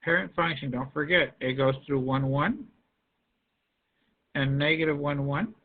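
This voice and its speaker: A man's voice: fairly high pitch, a little slow. A male math teacher giving an online class over a video call, coaxing students by name to answer in the chat. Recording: tinny phone-like line.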